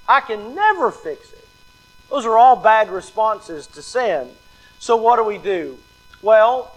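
High-voiced man preaching a sermon. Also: a bit bright, low-quality recording. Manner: emphatic, repeats key lines, acts out quoted excuses. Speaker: pastor.

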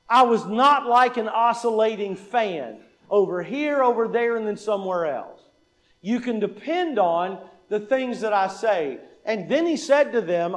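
A high-voiced male preacher fires question after question at the congregation, then answers each one himself. He repeats lines to hammer points home and acts out the quoted dialogue in his anecdotes.

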